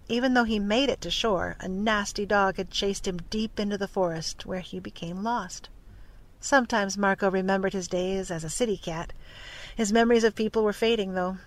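A narrator reading a storybook aloud in a steady, clear manner. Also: mid-range voice.

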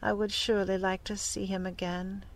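A woman's voice: medium pitch, little pitch movement, moderate pace, lightly acted. A reader voicing a woman who hopefully wonders about her lost cat, in a storybook reading. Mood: wistful. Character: wistful woman cat owner.

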